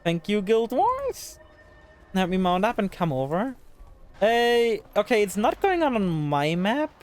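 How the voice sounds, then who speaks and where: A woman's voice: medium pitch, wildly swooping pitch, measured pace. A woman streaming live gameplay, talking to the game's characters in exasperation and swearing freely. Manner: exasperated, talks to the game characters.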